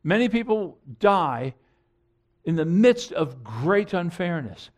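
A man's voice: high voice, very animated, slow pace. A middle-aged man preaching a sermon in an earnest, emphatic way, repeating phrases and restarting sentences. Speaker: pastor.

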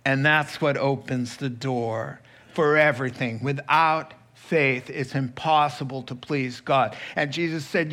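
A man preaching a sermon, telling a Bible story with lively acted-out quotes and asides. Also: on the high side, unhurried. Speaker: pastor.

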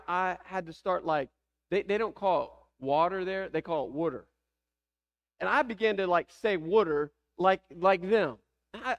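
A pastor with a Southern American accent and a high voice preaches a sermon, asking the congregation rhetorical questions. The audio is dull.

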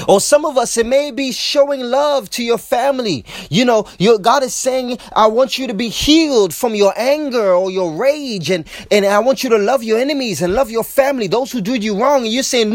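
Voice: medium pitch, sing-song, normal speed, no room sound, clean studio sound. A preacher delivering a sermon, acting out quoted voices and often repeating words. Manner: repeats words as they speak.

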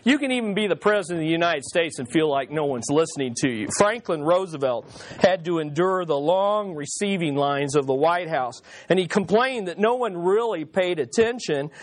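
A pastor telling humorous stories in a sermon, calling on the congregation to repeat words after him and repeating key lines for emphasis. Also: male voice, a little high, animated, moderate pace, no echo. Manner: engages congregation with call and response. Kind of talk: sermon with jokes.

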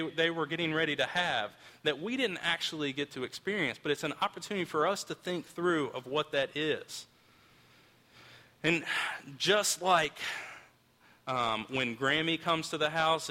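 A man's voice: on the high side, bright, forceful tone, big-room sound. A man in his thirties preaching a sermon in a casual storytelling way, often restarting his sentences, recorded in a church auditorium. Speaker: pastor.

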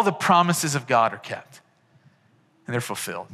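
A man's voice: medium pitch, lively intonation, normal speed, long pauses, sharp tone. A man preaching a sermon as pastor, impassioned and swelling to fervent peaks. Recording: long hall reverb.

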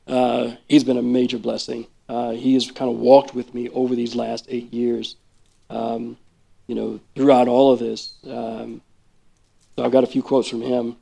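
A man preaching a sermon in a conversational, animated way, full of asides and acted-out quotes. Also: moderate pace, gravelly. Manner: acts out quoted speech with big pitch jumps. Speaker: worship leader preaching.

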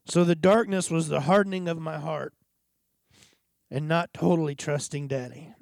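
A man's voice: a little high, steady tone, vocal fry, dry recording, clean studio sound. Earnest man preaching a confessional sermon. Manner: earnest, confessional, pauses and sighs between thoughts.

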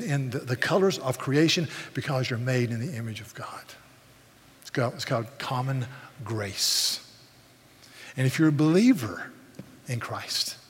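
A man preaching a sermon as pastor, animated, often restarting words as he goes. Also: medium pitch. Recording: long reverb of a large hall.

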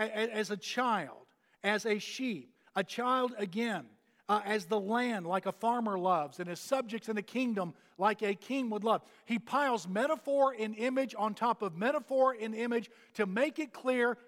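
A man preaching a sermon, pressing his points with repeated phrases and pauses. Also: high-pitched, a bit bright. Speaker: pastor. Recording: long hall reverb.

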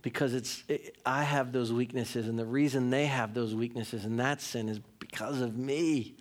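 Pastor in his thirties, frank conversational sermon style, medium-pitched male voice, pokes fun at himself. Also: fairly even intonation, moderate pace. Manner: conversational, candid storytelling with self-mocking humor.

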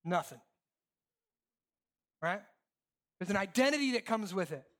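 A male pastor preaching a sermon in a conversational, animated way, asking the congregation questions and swinging between loud and hushed. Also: high voice, measured pace. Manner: conversational, asks the crowd questions.

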